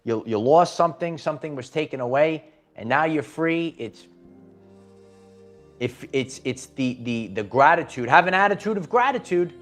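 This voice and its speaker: A man's voice: a little high, animated, normal speed, faint music behind. A man hosting a live spiritual pep talk, speaking emphatically, repeating phrases and restarting his sentences often. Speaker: spiritual channel host.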